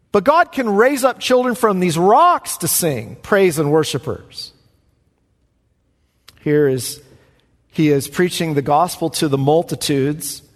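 A man's voice: on the high side, darkish tone. A man preaching a sermon as pastor in a church, talking to the congregation in a conversational way and rising into emphatic bursts. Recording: echoey hall with long reverb.

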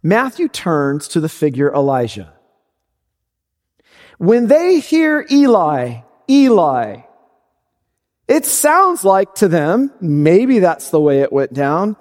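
Guy preaching a sermon, kinda high voice, slow and drawn out, big emphatic peaks, church sanctuary echo. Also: big pitch swings. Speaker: pastor. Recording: long hall reverb.

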